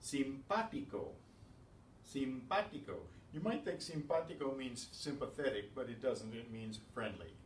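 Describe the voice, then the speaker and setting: A man teaching a beginners' language class, calling out each word loudly and then explaining it more quietly. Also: mid-range voice, animated, normal speed, hardly any pauses. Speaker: Spanish teacher. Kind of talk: slow, patient pronunciation drill. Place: class room. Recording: roomy, from far off, faint hiss.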